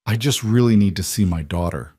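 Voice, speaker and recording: Emotional single dad, voiced by the male narrator, earnest and pleading, low dry voice. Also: lively intonation, brisk, a little mellow, no room sound. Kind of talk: scripted story narration.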